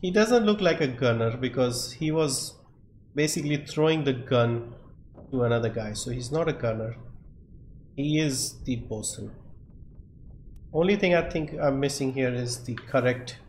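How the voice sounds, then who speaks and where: Slow-talking man streamer in an echoey room. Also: medium pitch. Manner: thinks aloud, muttering options to himself. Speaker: game streamer. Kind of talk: live gameplay commentary. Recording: echoey room, faint background noise.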